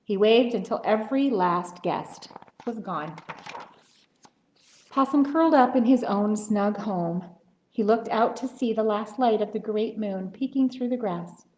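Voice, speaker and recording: A woman librarian reading picture books aloud at story time, gentle and expressive, cheerful and encouraging with young children. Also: medium pitch, a little slow, roomy sound.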